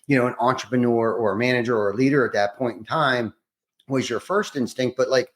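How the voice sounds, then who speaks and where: A man's voice: medium pitch, fairly quick. A man hosting a podcast, asking long, rambling questions with many restarts. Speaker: podcast host. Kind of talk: casual interview questions.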